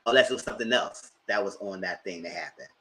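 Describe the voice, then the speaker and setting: A man hosting a casual TV recap, chatty and animated, laughing often and breaking into excited outbursts. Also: deep voice, fast talker. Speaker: TV recap host. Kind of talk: casual live TV review commentary.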